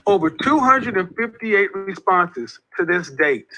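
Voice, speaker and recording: A man's voice: high-pitched, very animated, unhurried, noisy background. A man giving an impassioned, preachy monologue as an online group leader, repeating his points with emphasis. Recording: dull lo-fi audio.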